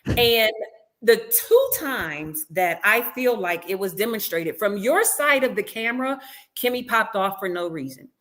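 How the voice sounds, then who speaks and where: A woman's voice: mid-range voice, animated, measured pace, a bit bright. A woman guest in a casual interview, telling a story with animation and acting out what others said. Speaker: reality show cast member guest. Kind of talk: casual interview, recounting events.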